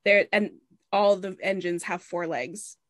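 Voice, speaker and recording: A woman's voice: medium pitch, fairly even intonation, a little slow, no echo. A woman hosting a podcast, narrating historical stories in a chatty way with many fillers. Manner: chatty, laughs and explains with lots of fillers. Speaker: podcast host. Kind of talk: casual chat and story narration.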